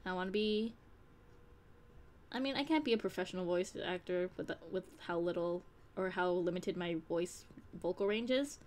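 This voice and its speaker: A woman's voice: fairly low pitch, moderate pace, darkish tone. A young woman talking on a live stream, in a candid, rambling way with casual swearing. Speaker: streamer and audio creator.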